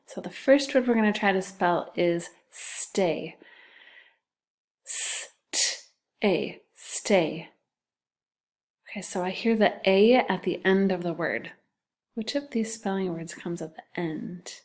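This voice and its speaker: Slow, patient woman teaching phonics. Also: medium pitch, a little mellow. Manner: slow, patient, sounding out letters. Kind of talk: phonics lesson for children.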